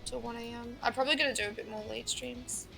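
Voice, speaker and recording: Chatty Australian woman with a gravelly voice. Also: fairly high pitch, fairly even intonation, fast, bright, forceful tone, soft background music. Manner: chatty, rambling, laughs often. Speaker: game stream co-caster. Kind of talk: casual stream chat.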